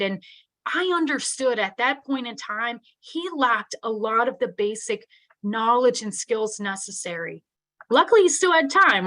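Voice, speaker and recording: A middle-aged woman with a somewhat high voice delivers a live online keynote on special education. Her tone is earnest and conversational, and she often tags her points with "right?" as she talks to the audience. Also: a bit bright.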